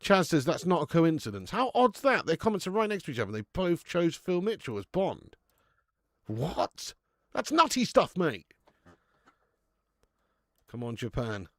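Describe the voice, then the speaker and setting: With a sing-song lilt and a pitch on the high side, he speaks at a moderate pace, recorded with no room sound. The young host of a football watch-along stream chats loosely with viewers, commentates on the match and curses openly.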